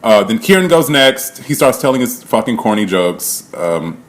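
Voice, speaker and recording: A man's voice: mid-range voice, very animated, normal speed. A man giving a casual spoken recap, chatty and laughing often, with loose swearing and plenty of "like". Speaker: reality show recap vlogger.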